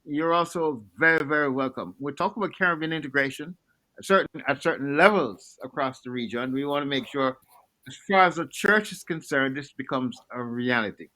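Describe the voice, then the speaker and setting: Man, bright tone, earnest and inviting, filler-heavy, video-call webinar. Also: a little high, poor audio. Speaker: panelist. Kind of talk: webinar panel answer.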